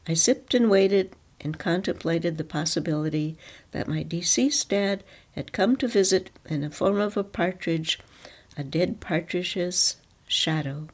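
A woman reads a first-person story aloud, calm and reflective. Her voice sits low, with a gravelly fry running through it.

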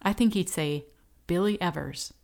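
A woman's voice: lowish voice, moderate pace, a little mellow. A woman voicing a crude, drunk middle-aged male judge who slurs and barks. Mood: drunk gruff. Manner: slurred, gruff barking.

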